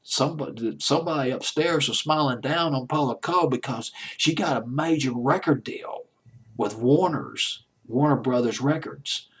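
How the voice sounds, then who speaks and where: A man's voice: mid-range voice, moderate pace, fairly bright tone, slightly rough. A man hosting a home-made countdown show, talking casually and enthusiastically with asides and restarts. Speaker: countdown host. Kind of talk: casual radio-style countdown talk.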